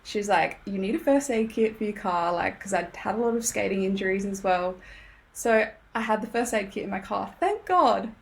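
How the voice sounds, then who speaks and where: A young Australian woman, a podcast guest, telling a story in casual chat, animated and laughing often as she acts out what people said. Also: medium pitch, normal speed, creaky.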